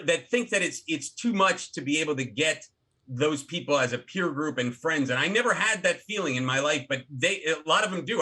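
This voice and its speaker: Middle-aged guy chatting on a podcast, bright forceful voice, keeps restarting his sentences. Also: on the high side. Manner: animated storyteller with many restarts. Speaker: guest, actor and filmmaker. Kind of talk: casual interview talk.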